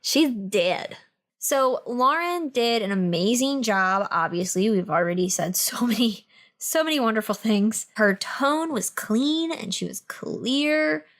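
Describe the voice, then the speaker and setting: A woman's voice: on the high side, lively intonation, unhurried, fairly bright tone. A woman co-hosting an audiobook review podcast, chatting casually in playful, jokey banter. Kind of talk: casual chat.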